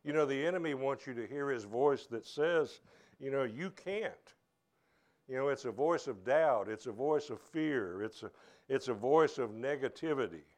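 A male pastor preaching to his congregation in a church. His delivery is earnest and halting, with frequent restarts, and his voice sits at an ordinary middle pitch. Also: darkish tone. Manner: earnest, halting, with many repeated starts. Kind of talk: sermon.

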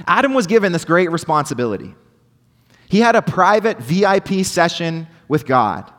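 A young adult man preaching a sermon as pastor, earnest, with rhetorical questions, dropping to hushed tones and rising to emphatic points. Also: sits high, sing-song, moderate pace. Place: church hall. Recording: long hall reverb.

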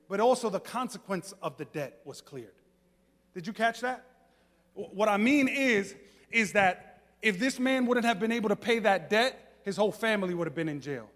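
A high-pitched man preaching with a bright, ringing tone. His sermon swells from hushed storytelling to fervent shouts. The sound carries a long echo from a large church hall. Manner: builds from quiet to shouting fervor. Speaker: pastor.

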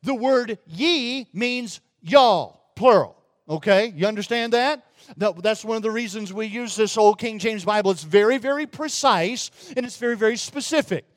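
A man preaching a sermon with a Southern accent, slowing and rising in pitch for emphasis when he quotes. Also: no echo. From Mississippi, USA. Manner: emphatic preaching, slows and rises for quoted lines.

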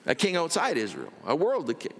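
A man preaching a sermon as pastor, telling the story with drama and dropping from loud to hushed. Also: on the high side, huge pitch swings, brisk, creaky, long reverb tail, a little hiss or hum.

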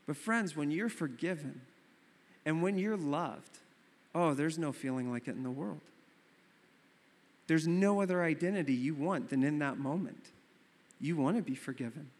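Pastor, young adult man, lively storyteller, fairly high voice, sermon in a hall with long reverb. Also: moderate pace, pauses often. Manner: animated storytelling, acting out his own surprise.

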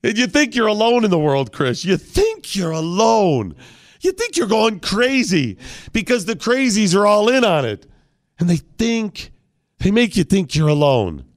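Lively-voiced man hosting talk radio. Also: high-pitched, measured pace. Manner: mock-solemn, theatrical, builds to bursts. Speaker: radio talk show host. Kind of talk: casual talk radio banter.

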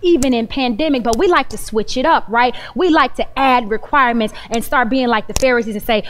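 Animated woman preaching in a high voice. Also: normal speed, hardly any pauses, a little hiss or hum. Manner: animated, conversational, addresses the congregation directly. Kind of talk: storytelling sermon.

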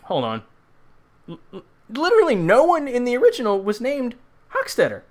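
A man's voice: extremely high pitch, wildly swooping pitch, normal speed. A man from the United States giving sarcastic, profane comedic commentary on a bad movie. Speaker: movie reviewer.

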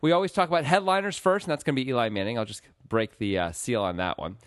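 A man's voice: medium pitch, fast talker, no room sound, studio quality. A man hosting a casual sports podcast, playful and rambling. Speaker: podcast host.

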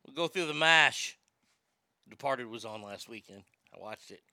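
A man's voice: mid-range voice, expressive, moderate pace, pushed and bright, no room sound, studio quality. A man hosting a show in casual chat, rambling and profane, with stammering restarts and boastful talk. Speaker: show host.

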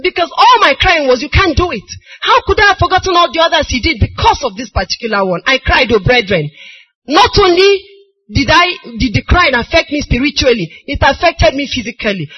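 A middle-aged woman with a Nigerian accent preaching a sermon, moving from soft storytelling to crying, shouted appeals. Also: sits high, very animated, a little fast. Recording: dull lo-fi recording.

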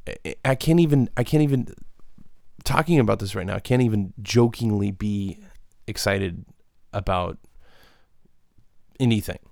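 A man hosting a solo comedic podcast, rambling in a deadpan, profane way. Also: lowish voice, moderate pace, vocal fry, long pauses, dry recording, studio quality. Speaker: podcast host.

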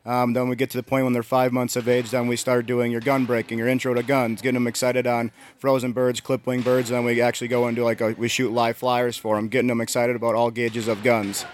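Male dog trainer, flat steady delivery, faint noise behind. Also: mid-range voice, quick pace, hardly any pauses. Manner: matter-of-fact, steady, many "um"s. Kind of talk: casual explanation.

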